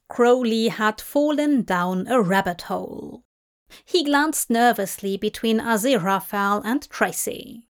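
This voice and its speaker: A woman reading a story aloud in an unhurried, even narration. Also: a little high. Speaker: fanfiction reader. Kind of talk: audiobook narration.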